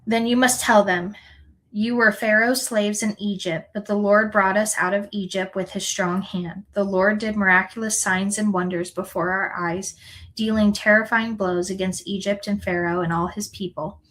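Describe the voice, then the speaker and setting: A woman reads scripture aloud at a mid pitch, earnest and unhurried. She corrects the odd stumbled word and keeps going. Her delivery is plain and sincere rather than theatrical. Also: fairly even intonation, a bit bright, rough recording. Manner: earnest, unhurried reading with small self-corrections. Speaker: scripture reader.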